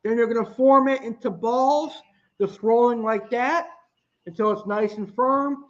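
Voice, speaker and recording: A man's voice: very high voice, a little slow. A young man teaching a cooking class, talking through recipe steps plainly with some restarts. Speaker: cooking instructor. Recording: dull lo-fi sound.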